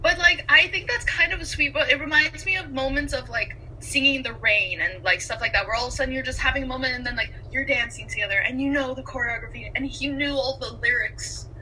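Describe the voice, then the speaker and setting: A woman's voice: high voice, fast, few pauses, bright, forceful tone, slight background noise, low-quality recording. A young woman co-hosting a casual chat, enthusiastic and laughing often. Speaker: podcast co-host.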